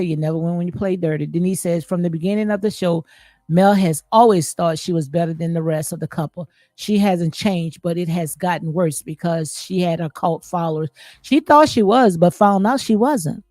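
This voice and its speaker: A woman's voice: fairly low pitch, a little mellow, no echo. Woman host for a chatty commentary stream, emphatic with repeated phrases, dry voice with light music behind. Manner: emphatic, repeats phrases, frequent "okay?" and "absolutely". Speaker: commentary channel host reading live chat. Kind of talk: casual reality-show commentary.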